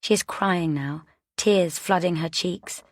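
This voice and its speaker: A woman narrating a thriller audiobook in first person, her voice low and unhurried. The reading is measured and tense, and the recording sounds close and dry with no room around it. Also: dry recording.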